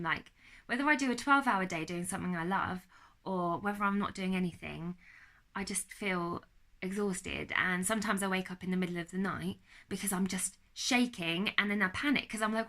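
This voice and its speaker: Bright-voiced young British woman vlogging. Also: mid-range voice. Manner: earnest and confiding, chatty with fillers. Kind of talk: candid personal vlog. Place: at home.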